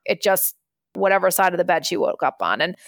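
Fairly low-pitched with vocal fry, this thirties-aged woman speaks fairly quickly and expressively as an interview guest. She's candid, earnest and conversational, acting out the voices she quotes. Clean studio audio, no echo.

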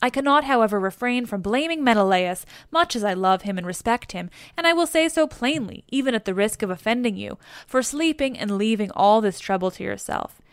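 An aged warrior counselor speaks with urgent, formal earnestness, read by a woman in her own voice. The tone is smooth and clean, recorded dry and close. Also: a little high, animated, brisk, hardly any pauses, dry recording. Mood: earnest, urgent. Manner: earnest, urging, formal old-fashioned speech. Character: old male warrior king, wise counselor.

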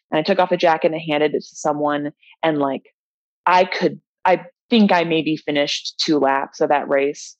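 A woman's voice: low-pitched, steady tone, moderate pace, dry recording. A young woman, a bike racer, giving open and reflective interview answers, with many "you know" fillers. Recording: dull, dry lo-fi audio.

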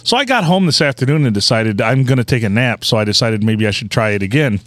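A man's voice: mid-range voice, lively intonation, fast, a bit bright, dry recording. A man in his forties co-hosting a podcast, telling crude, rambling stories in casual chat. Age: 40s. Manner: rambling, laughing storyteller. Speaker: podcast co-host.

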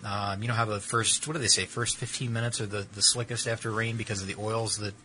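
A man co-hosting a podcast, chatting quickly in a bright, slightly low voice. He rambles and halts, leaning on fillers as he talks. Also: flat delivery, a little hiss or hum, poor audio. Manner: rambling, halting, with many fillers. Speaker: podcast co-host, auto editor. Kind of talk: casual chat.

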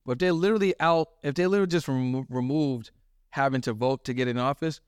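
A man's voice: medium pitch, quick pace, clean tone, dry recording, studio quality. A man guesting on a podcast, talking in a casual, slangy, emphatic way. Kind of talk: casual conversational interview.

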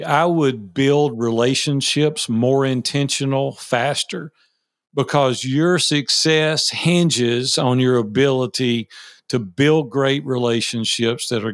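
Gravelly Southern man, folksy storyteller. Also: mid-range voice, no room sound, studio quality. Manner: folksy, laughs easily, tells stories. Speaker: business owner and guest. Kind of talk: conversational interview.

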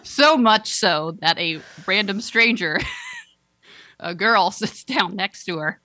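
A woman's voice: mid-range voice, slow pace, no echo. A woman co-hosting a casual chat, recapping a TV episode with lots of laughter and quoted lines. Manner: animated, laughs often, acts out lines in quotes. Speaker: podcast co-host.

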